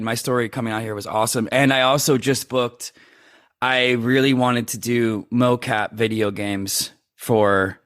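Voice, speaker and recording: A man guesting on a podcast, talking in an upbeat, jokey way with quick laughs. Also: mid-range voice, a bit bright. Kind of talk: casual conversational interview.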